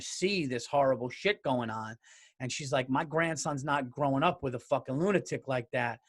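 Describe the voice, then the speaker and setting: A man's voice: mid-range voice, fairly bright tone. A man hosting his own podcast solo, ranting in a blunt, profane, fired-up way. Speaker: podcast host.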